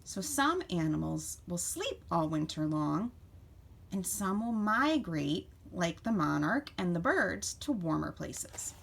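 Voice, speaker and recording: A woman teacher reading a picture book aloud to children, expressive and asking them questions along the way. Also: lowish voice, slow pace, gravelly, slight background noise. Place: home.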